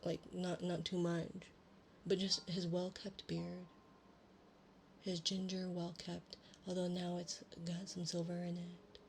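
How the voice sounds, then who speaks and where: Soft-spoken gravelly woman streamer. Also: fairly low pitch, monotone, takes it slowly, a little hiss or hum. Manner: rambling, casual, self-deprecating. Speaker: ASMR streamer. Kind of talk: soft-spoken chat and storybook reading.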